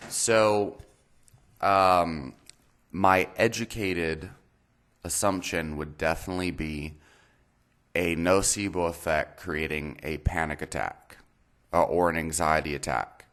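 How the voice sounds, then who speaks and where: A man's voice: sits low, fairly even intonation, a bit bright. A man hosting his own health channel, talking in a casual, meandering way with lots of fillers. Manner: meandering, many fillers and pauses. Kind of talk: casual explainer talk.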